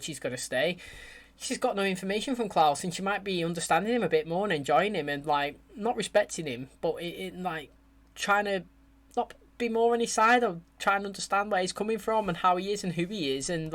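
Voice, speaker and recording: A man from England, chatting casually and excitedly as he reacts to a TV episode. He talks in lively slang and swears freely. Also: on the high side. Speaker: TV reaction youtuber.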